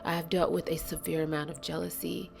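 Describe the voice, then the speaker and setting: A woman giving a blunt, earnest and emotional spiritual monologue, stressing slow words and sometimes dropping to a whisper. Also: deep voice, little pitch movement, gravelly, faint music behind. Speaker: spiritual channel host.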